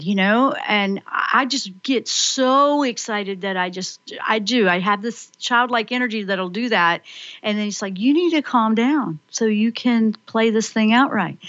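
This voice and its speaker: A woman hosting a spiritual radio call-in show, talking excitedly and rambling as she acts out her own inner voice. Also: mid-range voice, dry recording, lo-fi sound.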